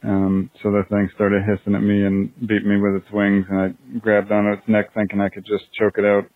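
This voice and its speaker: A man calls in over a thin, phone-like line, telling his story in a low, monotone voice. He is matter-of-fact and halting, and the line is dry and close. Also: dry recording. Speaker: caller.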